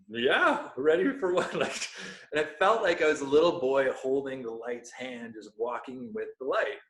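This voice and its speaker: A man's voice: mid-range voice, fairly bright tone. A man in his thirties, a podcast guest, telling a personal story in an earnest way and searching for words with many fillers. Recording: echoey room.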